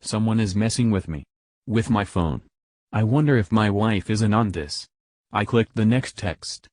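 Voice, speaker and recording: A man narrating a story in a calm, measured reading voice. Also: fairly low pitch, dry recording. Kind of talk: scripted narration.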